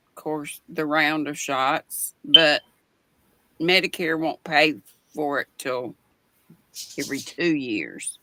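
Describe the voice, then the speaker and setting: A woman hosting a casual livestream chat, talking slowly and rambling with fillers. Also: low voice, bright, forceful tone, dry recording. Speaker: livestream host.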